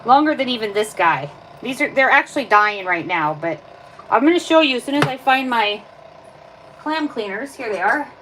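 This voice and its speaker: With a slightly high, animated voice at normal speed, a livestream host chats in her kitchen while working with her hands, explaining each step of a casual live demo. She records on a phone, and background noise comes through clearly.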